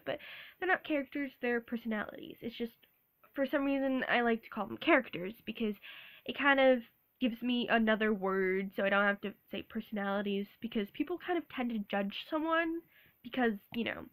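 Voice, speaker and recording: A young woman, sick with a sore throat, rambling awkwardly in a casual vlog, halting and laughing often. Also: on the high side, fairly bright tone. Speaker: vlogger.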